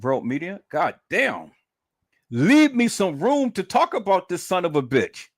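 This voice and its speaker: A man's voice: sits high, wildly swooping pitch, a little slow, dry recording, studio quality. A man ranting on a livestream, profane, mocking and repetitive. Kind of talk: livestream rant.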